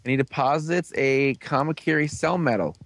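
Give me a young man hosting a laid-back chat, mid-pitched, retelling a story loosely with fillers and quick impressions. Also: slight background noise. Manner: rambling, filler-heavy retelling with quick put-on character voices. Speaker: podcast host recapping a show. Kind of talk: casual chat.

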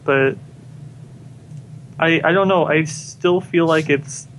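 A man chatting casually with friends, speaking slowly and stumbling over his words. His voice sits a little high for a man. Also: fairly bright tone, a little hiss or hum. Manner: hesitant, repeats words. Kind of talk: casual chat among friends.

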